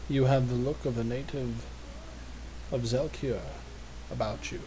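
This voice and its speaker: Man doing a slow old wanderer, formal old-fashioned speech, courteous, mellow tone. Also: medium pitch, steady tone, a little hiss or hum, lightly acted, low-quality recording.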